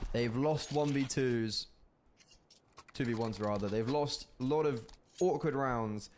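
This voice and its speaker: A man casting a live competitive shooter match as play-by-play commentator, animated and rising in bursts at big plays. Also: mid-range voice, slight background noise. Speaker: esports caster.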